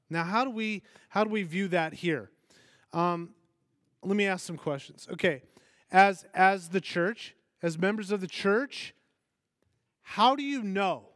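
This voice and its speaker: Male pastor, conversational sermon, slightly high voice, dry close sound, asks the room questions. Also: dry recording. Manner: animated, asks the congregation questions, acts out quoted voices.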